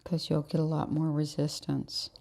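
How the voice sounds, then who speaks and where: In a grooming salon, a woman dog groomer walks through her technique in an instructional demo, coaxing and praising the dog in her care. Her voice sits low and is monotone, creaky and mellow, delivered at a moderate pace.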